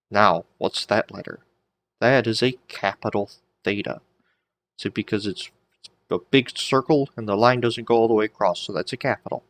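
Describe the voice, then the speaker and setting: A low-voiced man giving a lesson at a very slow, unhurried pace. He patiently sounds out letters and words, poses a question and then answers it himself. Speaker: Greek teacher.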